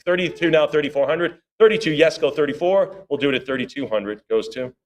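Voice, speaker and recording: A man working as auctioneer at a live sale, rattling off rising bids in a rhythmic chant and breaking off for chatty asides. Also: fairly high pitch. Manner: rapid rhythmic bid calling with chatty asides.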